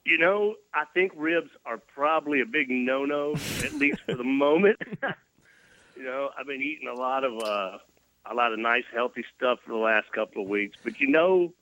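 A man's voice: medium pitch, animated, moderate pace, sharp tone, no room sound, highs cut off. A middle-aged man with a Tennessee accent, a musician chatting in an interview in a laid-back way, laughing easily. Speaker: musician guest. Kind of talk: casual interview chat.

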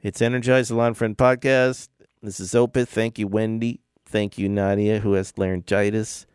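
A man's voice: fairly low pitch, flat delivery, normal speed, a little mellow, clear, resonant tone, dry recording, studio quality. A man, middle-aged, hosting his own podcast and telling rambling music stories in a laid-back, casual way. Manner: rambling, laid-back, with filler words and restarts. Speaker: podcast host. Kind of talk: casual storytelling monologue.

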